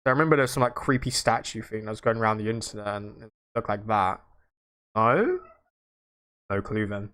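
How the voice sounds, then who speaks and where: With lively intonation, a clean tone and a moderate pace, a young man hosts a casual stream, talking to his audience in a rambling, slang-filled way that jumps between outbursts and low mutters.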